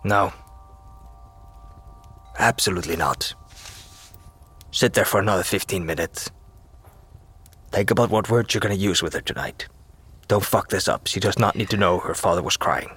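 A man voicing a gruff, protective older brother in a tabletop game, talking bluntly and giving orders. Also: deep voice, normal speed, pauses often, a bit bright, faint music behind. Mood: stern. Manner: blunt, commanding. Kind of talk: in-character tabletop role-play.

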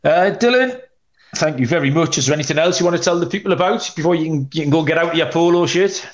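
A man's voice: fairly high pitch, lively intonation, fast. A man hosting a sports betting podcast, chatty and rambling with many ums, tossing in cheeky asides. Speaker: podcast host, betting analyst.

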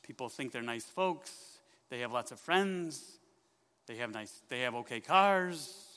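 A man preaching a sermon in church, telling a story with lively questions to the congregation. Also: medium pitch, measured pace, clear, resonant tone, long reverb tail. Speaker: pastor.

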